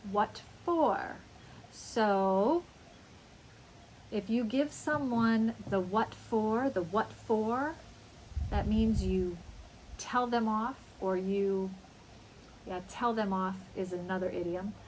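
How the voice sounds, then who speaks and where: A woman teaching an English lesson, speaking slowly and acting out example phrases with big, dramatic exclamations. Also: medium pitch, darkish tone, slight background noise, poor audio. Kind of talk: slow, emphatic English lesson.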